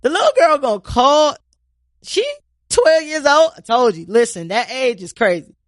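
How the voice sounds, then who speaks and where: A woman co-hosting a podcast in casual chat, telling stories in an animated way and swearing freely. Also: high-pitched, normal speed, dry recording, clean studio sound. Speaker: podcast co-host.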